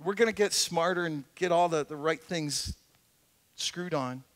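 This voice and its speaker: A middle-aged man preaching as a pastor in a church, earnest and conversational, swinging between emphatic points and quiet asides. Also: on the high side, unhurried. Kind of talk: sermon. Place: church sanctuary.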